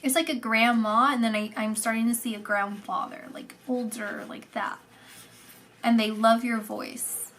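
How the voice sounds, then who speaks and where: A woman giving a channelled psychic reading, soft and meandering, repeating words and sometimes dropping into a whisper. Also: a little high, steady tone, unhurried. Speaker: psychic reader.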